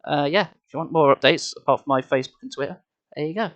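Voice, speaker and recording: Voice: medium pitch, fast, dry recording, muffled recording. A streamer chatting casually and swearing freely with viewers between chapters of a live reading, on a headset. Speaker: streamer reading a book aloud.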